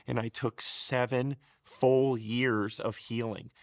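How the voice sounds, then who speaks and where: A man's voice: medium pitch, little pitch movement, takes it slowly, dry recording, studio quality. A middle-aged man telling his personal faith testimony in an earnest, emotional way, often getting choked up and restarting his sentences. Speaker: show co-host sharing his testimony.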